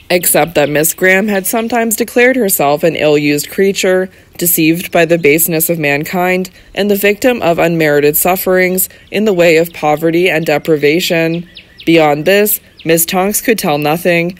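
A narrator reads a classic novel at a steady, measured pace, the voice sitting in the middle of its range. The sound is dry and close, with no room around it. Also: mid-range voice, no echo. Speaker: audiobook narrator. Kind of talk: scripted narration of a Victorian novel.

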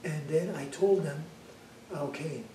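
Man, Amharic speaker, testimony preacher, hesitant fillers, mellow higher voice, echoey room far from the mic. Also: slow pace, slight background noise. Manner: hesitant with frequent 'uh' fillers, rising to loud fervent praise. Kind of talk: spoken testimony, sermon-like storytelling.

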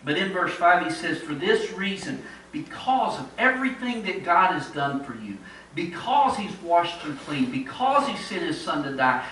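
A man's voice: high-pitched, a bit bright, distant mic, slight background noise. Man preaching in an echoey church. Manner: earnest, repeats words while building a point. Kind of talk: sermon. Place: church sanctuary.

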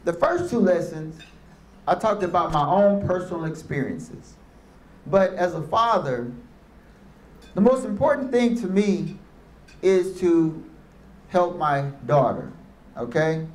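A man delivers a motivational speech, pulling his listeners in with stories and calls for an amen. His voice sits high for a man. It rings around an echoey room full of people. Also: lively intonation, slow pace, pauses often. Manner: storytelling with call-and-response. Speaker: motivational speaker. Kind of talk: motivational speech to youth and parents. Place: room with a live audience.

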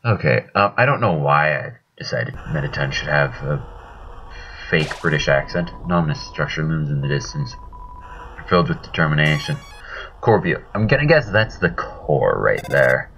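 A man's voice: extremely low pitch, big pitch swings, normal speed, a bit bright, dull audio, a little hiss or hum. A man casually commenting as he plays a video game, chatty and self-mocking, with lots of uh and okay. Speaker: let's play host.

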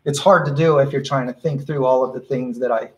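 In a rough recording, a man with a mid-range, steady voice talks a little fast as he teaches a live painting workshop. He describes his brushwork in a relaxed, supportive manner, often starting sentences over as he works through his thoughts.

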